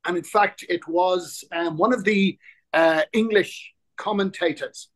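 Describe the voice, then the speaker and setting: Appearing as a guest in a casual interview, a man in his sixties tells stories animatedly at a measured pace. His voice is a little higher than most men's, and he often restarts his sentences mid-thought.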